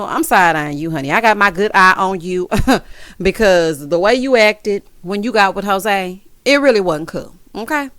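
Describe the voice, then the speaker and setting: A woman's voice: medium pitch, no echo. Woman, reality TV recap, sassy, says honey and child a lot, dry close sound. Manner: sassy, animated, side-eye asides; addresses viewers as honey and child. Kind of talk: casual recap commentary.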